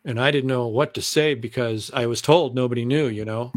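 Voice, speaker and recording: A middle-aged man, a former TV announcer and weatherman, telling stories as an interview guest, animated and often clearing his throat. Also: brisk, no room sound, clean studio sound. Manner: animated, acts out excited voices in a high pitch. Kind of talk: conversational storytelling.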